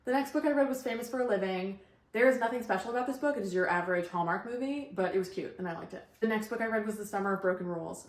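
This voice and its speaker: A young woman giving casual, blunt book reviews in a vlog, upbeat with quick asides. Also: mid-range voice. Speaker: book vlogger. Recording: echoey room.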